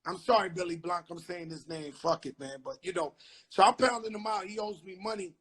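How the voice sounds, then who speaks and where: A middle-aged man hosting an interview, telling animated stories full of street slang. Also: high voice, fairly quick. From the Bronx, New York. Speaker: host. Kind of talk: casual interview chat.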